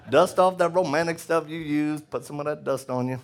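Animated middle-aged male preacher. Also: a little high, brisk, few pauses, a little hiss or hum. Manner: loud, laughing, swings from shouting to hushed. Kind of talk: animated testimony sermon.

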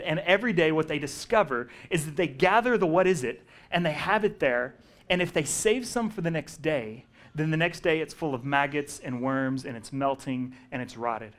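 Animated male pastor preaching. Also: on the high side, brisk. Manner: animated storytelling, acting out quoted voices. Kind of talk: sermon.

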